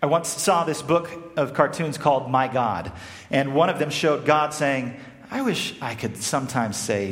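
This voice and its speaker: A man from South Africa preaching a sermon, animated, swinging between loud emphasis and hushed, quiet phrases. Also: medium pitch, a little slow. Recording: echoey hall with long reverb.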